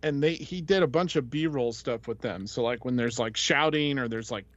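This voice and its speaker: A man's voice: medium pitch, moderate pace, fairly bright tone, dry recording. A man hosting a podcast, telling a casual, rambling story full of fillers and voices he quotes. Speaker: podcast host. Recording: dull lo-fi, dry sound.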